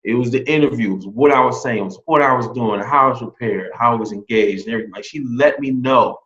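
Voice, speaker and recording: Man in a casual interview, recounting his hiring with lively quoted dialogue, muffled lo-fi sound. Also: mid-range voice, quick pace. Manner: animated, quotes others in lively re-enactments. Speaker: new teacher hire. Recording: dull lo-fi sound.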